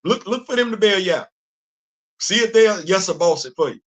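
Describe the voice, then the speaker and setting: A man hosting a comedic live-stream commentary, talking in an animated, teasing, emphatic way. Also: sits high, brisk. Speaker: host.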